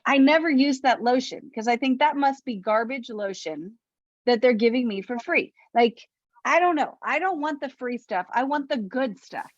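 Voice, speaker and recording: A woman's voice: high voice, moderate pace, no echo. A woman hosting a training call, reacting with enthusiasm and giving emphatic coaching. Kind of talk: casual coaching chat. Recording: dull lo-fi dry sound.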